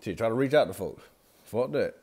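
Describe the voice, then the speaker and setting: Low-voiced young man. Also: lively intonation, fairly quick, darkish tone, husky. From Atlanta, USA. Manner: loose, slangy and profane, talks straight to viewers. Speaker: vlogger. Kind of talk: casual rambling vlog.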